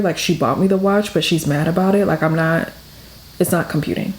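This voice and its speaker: This young beauty vlogger from the Detroit area has a low voice and talks a little fast. She chats through a makeup tutorial, telling a story packed with "like," in an echoey room.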